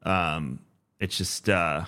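A man's voice: low voice, very slow, bright, forceful tone. A man in his thirties co-hosting a casual podcast, talking in an easygoing, rambling way with many ums. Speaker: podcast co-host.

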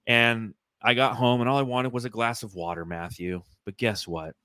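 A man's voice: mid-range voice, fairly even intonation, normal speed, bright, forceful tone, clean tone, no echo, studio quality. A man hosting a casual sports podcast, telling rambling, profane stories and reading fan comments aloud. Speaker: podcast host.

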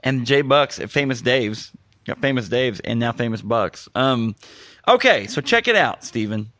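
A man's voice: medium pitch, moderate pace, no echo, clean studio sound. A young man hosting a casual movie-review podcast, joking and laughing at his own lines. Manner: jokey, animated, laughs at his own jokes. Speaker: podcast host.

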